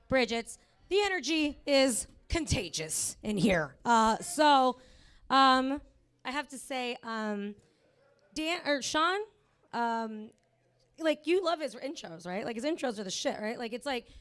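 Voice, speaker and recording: A woman's voice: sits high, fairly bright tone. A woman doing stand-up comedy in a club, talking in a chatty way with lots of "like" and swearing. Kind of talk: stand-up set.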